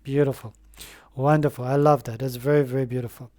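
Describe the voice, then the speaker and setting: A man giving a spoken tarot reading, gentle and affirming, rambling with fillers and slow pauses. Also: mid-range voice, level tone. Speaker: tarot reader.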